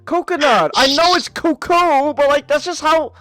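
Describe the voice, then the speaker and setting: A woman's voice: high voice, moderate pace, fairly bright tone, no room sound. A woman co-hosting a podcast in casual chat, flustered and defensive, stumbling over many restarts. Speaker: podcast co-host.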